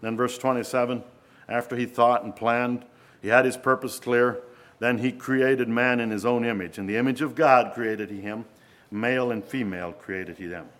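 A man's voice: medium pitch, steady tone, moderate pace, fairly bright tone. A man preaching a sermon in an earnest way, often asking his listeners rhetorical questions.

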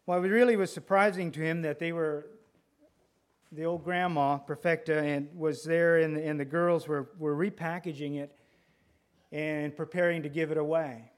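A male preacher delivering a sermon with a deliberate, emphatic manner, often repeating phrases for effect. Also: on the high side, steady tone, clear, resonant tone.

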